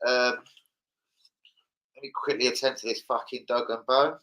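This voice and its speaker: A man's voice: medium pitch, level tone, moderate pace, bright, forceful tone, poor audio. A man chatting live to viewers about football, with sweary, blunt banter. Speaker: football fan streamer. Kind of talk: casual live-stream chat.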